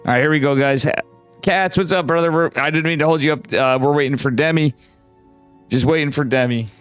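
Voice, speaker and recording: A man's voice: on the high side, brisk, fairly bright tone, clean tone, faint music behind. A tipsy man hosting a game stream, rambling through casual banter with lots of swearing. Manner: rambling, swearing, laughing often.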